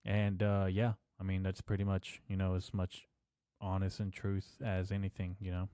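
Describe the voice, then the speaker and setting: A man rambles through a solo podcast, swearing often and dropping deadpan jokes. His voice sits low, and the recording is dry and close. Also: moderate pace, smooth, no room sound. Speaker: podcast host. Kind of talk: casual solo podcast rant.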